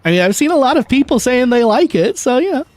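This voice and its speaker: A man's voice: very high-pitched, sing-song, fast, a little mellow, dry recording. A man chatting casually and jokingly on a gaming livestream, swearing and talking to his viewers. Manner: chatty, jokey, swears and laughs easily. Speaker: streamer.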